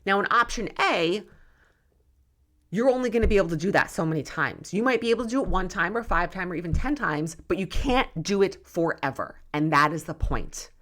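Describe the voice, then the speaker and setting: Emphatic woman podcaster, low voice. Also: expressive, fairly quick, a bit bright. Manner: emphatic, worked up, tough-love. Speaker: podcast host, nutrition coach. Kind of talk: passionate solo podcast talk.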